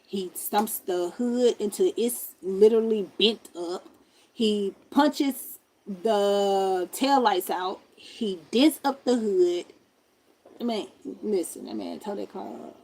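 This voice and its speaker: A woman streamer telling a personal story in a casual, animated way, full of slang and talking straight to her viewers. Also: medium pitch, takes it slowly.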